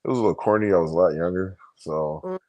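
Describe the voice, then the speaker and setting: A man's voice: low-pitched, animated, quick pace, dark tone, dry recording. A young adult man chatting casually on a podcast, teasing the others in a laid-back way and laughing often. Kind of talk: casual chat.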